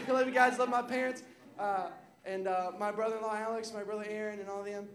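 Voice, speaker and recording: A man preaching and giving thanks before a congregation, fervent and shouting his praise. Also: high voice, flat delivery, brisk. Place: church sanctuary. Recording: roomy church with crowd.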